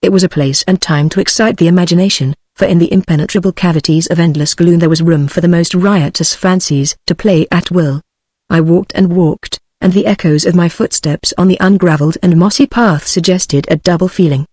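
A text-to-speech woman's voice with a British English accent, reading a gothic short story aloud in an even, measured way. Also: lowish voice, husky, no room sound, clean studio sound. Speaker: audiobook narrator. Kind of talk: synthetic audiobook reading.

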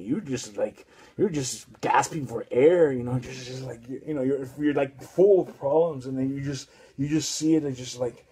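A man's voice: medium pitch, brisk, warm tone, slightly rough. A man preaching a casual, rambling sermon full of restarts and street slang.

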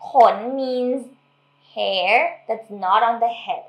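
A woman from Thailand casually teaching language, explaining patiently and repeating words slowly. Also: a little high, reverberant, poor audio.

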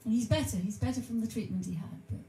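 A woman's voice: on the high side, quick pace, dark tone, reverberant. A woman co-hosting a home music stream, teasing her partner in casual banter. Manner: dry, teasing. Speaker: co-host and musician.

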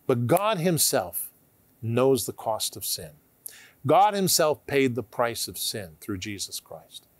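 A man giving emphatic televised Bible teaching, asking rhetorical questions and sometimes dropping to a hushed tone. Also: mid-range voice, big pitch swings, slow pace, no room sound.

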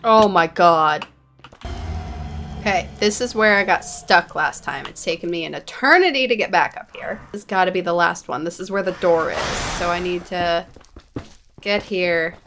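A woman's voice: lowish voice, normal speed, fairly bright tone, faint music behind. A woman giving running commentary on her own gameplay, exasperated and self-mocking as she fails and retries. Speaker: gaming channel host.

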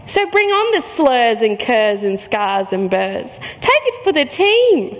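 A young woman with an Australian accent performs spoken word poetry in a high, bright register. Her delivery is rhythmic and punchy, and she leans on the rhymes and jokes with the crowd between lines. The sound carries a long hall reverb. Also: big pitch swings, slow pace. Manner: playful banter with the crowd. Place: hall before a live audience.

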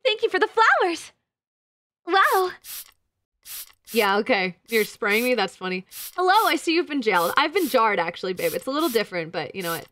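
A woman's voice: mid-range voice, very animated, fast, a bit bright, dry recording. A young woman streamer chatting casually with her chat, crude and teasing, laughing often. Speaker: VTuber streamer.

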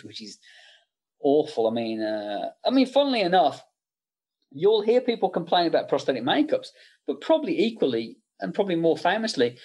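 A man's voice: medium pitch, a little mellow, slightly rough. A middle-aged man, a makeup effects artist, chatting casually in an interview and telling anecdotes with many fillers.

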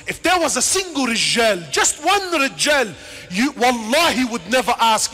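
A man preaches with fierce passion, his voice riding high and leaping across a wide pitch range. He swings from ringing shouts down to quiet, hushed asides. A long hall reverb trails behind every line. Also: sing-song, moderate pace, slightly rough, soft background music. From Lebanon. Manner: peppers speech with Arabic words and casual slang. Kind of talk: passionate sermon.

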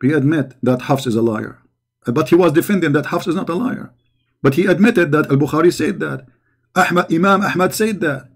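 A man's voice: on the high side, a little fast, gravelly, breathy edge. A man hosting a reaction commentary, talking back to a played video in a mocking, sarcastic way. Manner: sarcastic, mocking, repeats words heatedly.

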